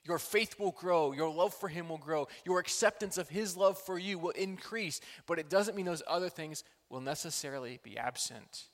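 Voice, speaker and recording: Earnest pastor preaching in a reverberant hall. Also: male voice, on the high side, normal speed, few pauses. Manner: earnest, swings from loud pleading to quiet and intimate. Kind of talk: sermon. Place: church hall.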